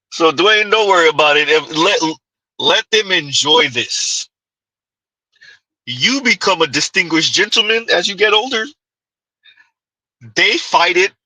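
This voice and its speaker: Brief: male host, strained husky voice, very forceful, dry close sound. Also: a little high, dry recording, poor audio. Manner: rambling, repeating himself, chuckling asides. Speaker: commentary show host. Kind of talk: casual commentary.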